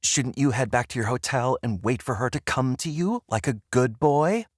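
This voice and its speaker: A woman's voice: very deep voice, expressive, moderate pace, no echo, studio quality. A man voicing a mocking young woman who taunts with sarcasm in an audiobook.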